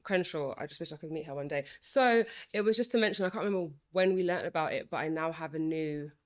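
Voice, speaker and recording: With a low-sitting voice and a fast pace, a woman who stammers chats passionately on a podcast in conversational style. She is a former student now working in Parliament, and she restarts often and uses filler sounds while thinking aloud.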